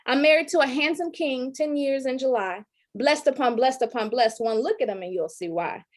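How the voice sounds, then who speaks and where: A woman's voice: sits high, expressive, normal speed. A woman in her thirties, an educator giving an online training talk and reciting a spoken-word poem in an earnest, rhythmic way. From Detroit, raised in Georgia. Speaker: presenter, educator. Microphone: video call.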